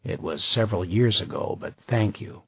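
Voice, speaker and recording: A man's voice: lowish voice, normal speed, slightly rough, no echo. A man voicing a guarded, terse male detective in an audiobook reading. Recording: slightly dull dry recording.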